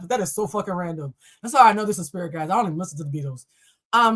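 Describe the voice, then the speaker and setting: A woman reads tarot on a live stream. She is animated and blunt, and she talks straight to her viewers and swears freely. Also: mid-range voice, racing. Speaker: tarot reader.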